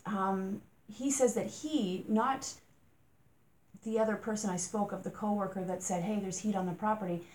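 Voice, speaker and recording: A woman's voice: mid-range voice, darkish tone. A woman hosting a true-crime podcast, talking casually through her thoughts, asking rhetorical questions and sometimes getting exasperated.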